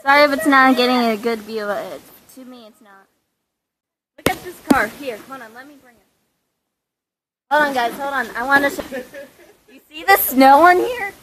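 A woman's voice: high-pitched, normal speed, pauses often, fairly bright tone, a little hiss or hum, rough recording. A woman vlogging outdoors in fresh snow on a handheld phone, giddy and squealing, laughing and repeating herself. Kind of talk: excited home video chat.

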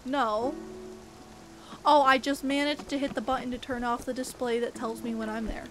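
A woman's voice: high-pitched, steady tone, normal speed, fairly bright tone. A woman streaming a game, chatting casually and reading its dialogue aloud. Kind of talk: casual gameplay commentary. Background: background game music.

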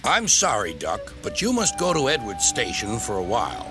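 A man's voice: lowish voice, wildly swooping pitch, moderate pace, music in the background. A man voicing a stern railway director. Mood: regretful. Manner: firm, authoritative. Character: stern but fair male railway director, middle-aged.

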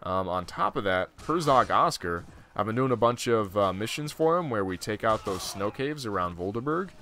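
Young male gaming host, bright, forceful voice; loose, profane, thinks out loud. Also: lowish voice, animated, normal speed. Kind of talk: casual let's-play commentary.

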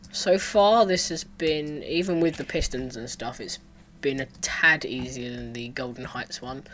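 A man's voice: medium pitch, a bit bright, slight background noise. A man giving casual commentary while playing a parkour game, talking to himself with sudden frustrated outbursts. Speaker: gaming let's player.

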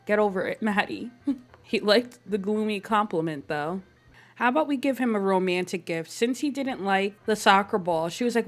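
A woman chatting her way through a life-simulation game, laughing easily and tossing off playful lines for her characters. Her voice sits in a medium range, and her delivery is casual and upbeat. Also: medium pitch. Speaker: gaming YouTuber. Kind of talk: casual Let's Play commentary.

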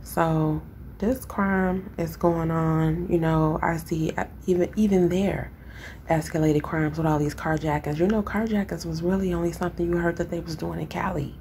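Low raspy woman with a Chicago accent. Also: steady tone, moderate pace, warm tone, slight background noise. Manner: rambling, conversational, lots of fillers. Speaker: vlogger. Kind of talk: casual talk to camera.

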